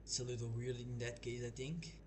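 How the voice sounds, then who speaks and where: A Belgian gaming streamer speaks English as a non-native speaker in a mid-range, level voice at a fairly quick pace, chatting casually over gameplay in a rambling, hesitant way full of restarts. His home mic is noisy.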